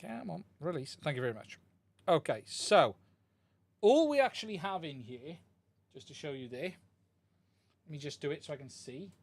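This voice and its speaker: Gravelly and very animated, this man's high-sitting voice proceeds at a moderate pace with frequent pauses. He live-streams a radio controller repair from his workbench, working through ideas aloud and chatting with viewers, on a desk mic that he swaps during the stream.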